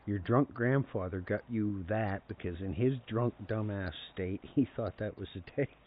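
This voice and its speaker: A man's voice: on the low side, normal speed, pitched above the performer's own voice, close to an everyday voice. A man voicing an exasperated old grandmother who scolds sharply, on a tinny phone-like recording. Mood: scolding. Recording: tinny phone-like sound, faint noise.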